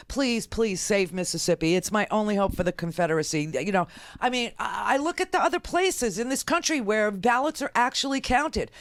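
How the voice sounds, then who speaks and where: A woman's voice: on the high side, dry recording, clean studio sound. A woman radio talk show host ranting through a political monologue, exasperated and pleading by turns. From United States. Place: radio studio.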